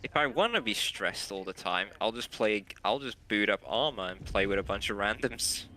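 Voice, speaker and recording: A man's voice: lowish voice, lively intonation, normal speed, pushed and bright, slight background noise. A man chatting casually while gaming with a friend, blunt and sardonic with plenty of swearing. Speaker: co-player.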